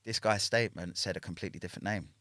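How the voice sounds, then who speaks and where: Low-voiced london guy on a podcast, swearing a lot, keeps tagging "yeah?", dry sound. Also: steady tone, rapid-fire, sharp tone, dry recording. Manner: swears freely, ends lines with a questioning "yeah?". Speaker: podcast guest. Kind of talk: casual storytelling chat.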